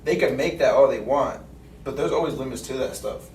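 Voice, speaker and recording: A young man co-hosting a casual podcast, telling stories quickly in slangy talk. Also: medium pitch. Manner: fast, animated storyteller, slangy. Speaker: podcast co-host. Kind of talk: casual chat. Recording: echoey room, distant mic, noise.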